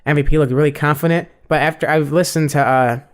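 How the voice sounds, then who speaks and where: A young man with a fairly high, steady voice talks quickly as he co-hosts a podcast. He chats casually and profanely, giving a rambling breakdown of fights packed with fillers.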